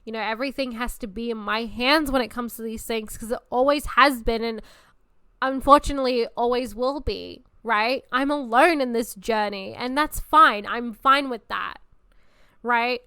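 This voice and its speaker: A woman's voice: on the high side, normal speed, smooth, no echo, studio quality. A woman in her twenties hosting a podcast, talking in a blunt, casual way and swearing freely. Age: 20s. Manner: blunt, profane and animated. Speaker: podcast host. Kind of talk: casual chat.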